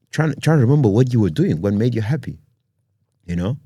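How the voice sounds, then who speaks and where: A man's voice: medium pitch, expressive, brisk, mellow, husky, dry recording, clean studio sound. A man hosting a podcast and talking casually and earnestly, often adding "you know" and "man". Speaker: podcast host.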